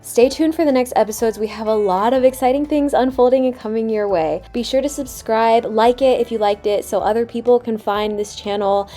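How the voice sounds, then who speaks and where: A woman's voice: on the high side, fairly quick, hardly any pauses, dark tone, soft background music. Tender, emotional young woman vlogging. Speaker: vlog host. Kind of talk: heartfelt vlog voiceover. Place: voiceover recorded separately from footage.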